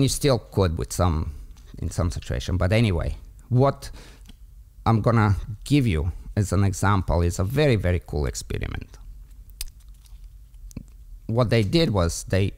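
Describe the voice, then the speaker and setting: Slow, low-voiced man explaining. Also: a little mellow. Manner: explanatory, tells stories with voiced inner thoughts. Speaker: dog trainer debating on a podcast. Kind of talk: podcast debate.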